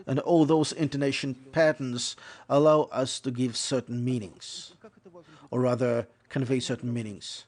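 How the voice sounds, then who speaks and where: A man voicing an English lecture on interpreting, explaining at a measured pace and often correcting himself as he goes. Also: mid-range voice, fairly even intonation, darkish tone.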